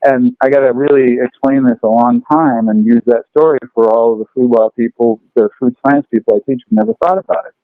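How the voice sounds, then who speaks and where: Animated man over a phone-like line. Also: medium pitch, a little fast, hardly any pauses, dry recording. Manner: animated, acts out characters in his stories. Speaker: food law lecturer and podcast guest. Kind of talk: lively storytelling chat.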